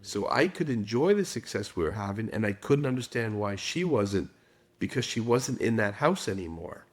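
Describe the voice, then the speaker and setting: A man's voice: lowish voice, very animated, moderate pace. A middle-aged man, a guest expert in a podcast interview, telling stories and acting out quotes. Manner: storytelling with acted quotes.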